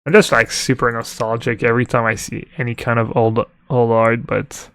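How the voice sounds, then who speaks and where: A male game streamer talks through his plays in a relaxed, unhurried way, answering chat and musing aloud with little fillers. His voice sits at an ordinary middle pitch. It is recorded close and dry on a desk mic. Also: creaky, no room sound. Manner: chatty, reads chat aloud, thinks aloud with fillers. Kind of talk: live-stream commentary while playing.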